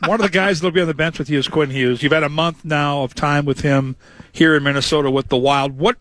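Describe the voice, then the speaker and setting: A man's voice: a little high, fairly even intonation, fairly quick, fairly bright tone, no echo. A man working as a sports reporter, asking direct questions in an interview.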